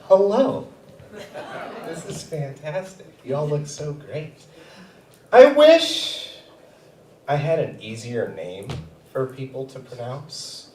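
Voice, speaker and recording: Brief: thirties male stand-up, self-mocking, lively pitch, echoey theater from afar. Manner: self-mocking, drops to quiet asides. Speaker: stand-up comedian. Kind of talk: stand-up comedy set. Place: comedy theater stage. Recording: echoey theater, far from mic.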